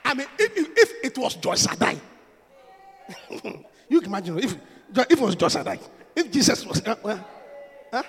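A man preaching a sermon in a church, swinging from soft talk to shouting and laughing often. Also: extremely high pitch, big pitch swings, moderate pace, pauses often, in a large hall, slight background noise.

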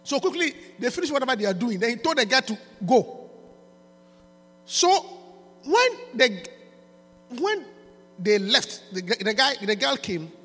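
Animated preacher in a reverberant hall. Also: male voice, very high voice, unhurried, long pauses. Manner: storytelling, animated, swings from quiet to shouting. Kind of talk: sermon. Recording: reverberant hall with mains hum.

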